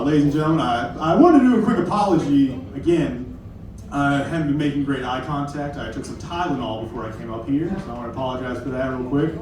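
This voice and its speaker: On a comedy club stage, a young man from Kentucky does a stand-up set that rambles along, self-deprecating and full of apologetic asides. His voice is mid-range and a little mellow, recorded from far off in a very echoey room.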